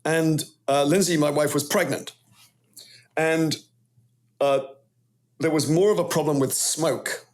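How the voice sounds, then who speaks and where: A middle-aged Welsh man telling stories as a podcast guest, animated and rambling in casual chat. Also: fairly high pitch, takes it slowly, pauses often. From Wales.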